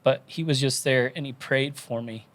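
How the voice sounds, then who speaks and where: A man on a podcast telling his conversion story in an earnest, animated way, moved to tears. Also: medium pitch, normal speed. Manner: earnest, animated storytelling with quoted inner voices. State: tearful, crying. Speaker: podcast guest.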